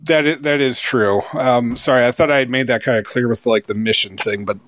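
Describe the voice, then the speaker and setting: A man's voice: mid-range voice, brisk, a bit bright, no room sound. Rambling man in his thirties reviewing a game. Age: 30s. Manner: rambling, many fillers and restarts, laughs easily. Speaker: game reviewer, podcast co-host. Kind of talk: casual review chat.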